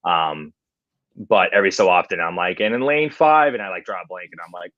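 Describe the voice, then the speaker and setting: A man's voice: low-pitched, steady tone, a little fast, dry recording, lo-fi sound. A man who works as a competition MC and coach, chatting casually with many fillers and restarts. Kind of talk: casual podcast chat.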